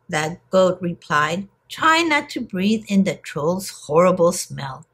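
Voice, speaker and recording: A woman teacher reading a picture book aloud to young children in an expressive storytelling manner. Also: lowish voice, slow, hardly any pauses, breathy edge.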